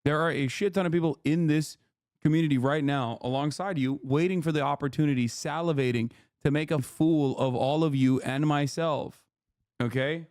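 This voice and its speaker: A man's voice: on the high side, normal speed, darkish tone, no echo, studio quality. Heated, swearing male streamer scolding chat. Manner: heated, exasperated ranting with heavy profanity; scolding his chat directly. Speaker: streamer reacting to a video. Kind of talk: live-stream commentary.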